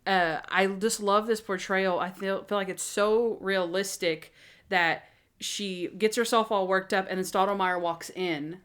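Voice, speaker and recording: A woman's voice: medium pitch, fairly even intonation, unhurried, a bit bright, smooth. A woman co-hosting a podcast, chatting casually about a TV episode and acting out the characters' lines as she retells scenes. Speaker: podcast co-host. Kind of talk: casual chat recapping a TV episode.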